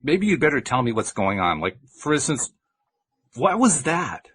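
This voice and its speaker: A man's voice: mid-range voice, sing-song, moderate pace, fairly bright tone, breathy edge, pitched above the performer's own voice. A man reading a book aloud and voicing a nervous, hesitant young man. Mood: rattled.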